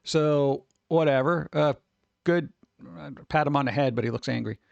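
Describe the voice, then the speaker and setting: Wry, chatty man with a higher voice. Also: normal speed, gravelly, a little mellow, dry recording, lo-fi sound. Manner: chatty, wry, full of asides and muttered reactions. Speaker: streamer host. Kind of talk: casual rambling commentary.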